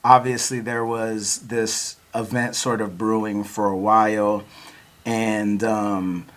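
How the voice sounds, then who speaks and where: A man's voice: fairly low pitch, flat delivery, takes it slowly. A man hosting a podcast, telling a story in an easy, laid-back way with frequent chuckles. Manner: laid-back, chuckles often, many fillers like "like" and "you know". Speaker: podcast host and battle rapper. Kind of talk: casual storytelling chat.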